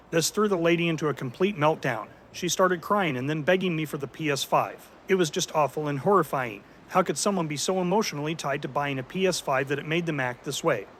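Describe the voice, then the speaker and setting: A man narrating a story in an even, scripted way, as the host of a story channel. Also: on the high side, slight background noise.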